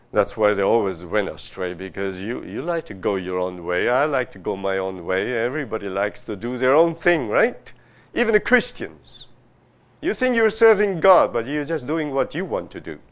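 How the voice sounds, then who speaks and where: Slow, animated male preacher. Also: lowish voice. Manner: slow and emphatic, rhetorical questions to listeners; reads scripture aloud with rising force. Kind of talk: sermon, Bible exposition.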